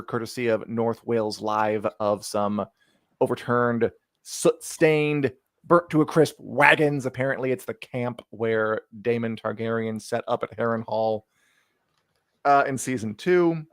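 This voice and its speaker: A man's voice: medium pitch, a little slow, no room sound. A man co-hosting a casual chat show, dry and wry, with sarcastic asides. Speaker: podcast co-host.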